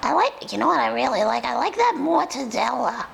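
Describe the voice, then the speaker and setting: A woman's voice: big pitch swings, a little fast, a little hiss or hum, heavily acted, rough recording. A woman voicing a sassy, food-loving female pet dog with a New York accent, rambling and confiding. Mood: chatty. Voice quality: very high, gravelly. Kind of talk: comic pet voice role-play.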